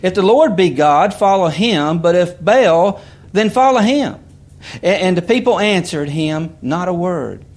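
A man's voice: high-pitched, animated, measured pace, a little mellow. A man preaching a sermon, reading scripture aloud in bursts, with repeated words and little asides to his listeners.

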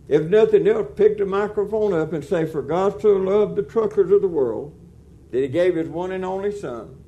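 A man, preaching a sermon in a folksy, animated way that rises to loud emphatic peaks. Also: high voice.

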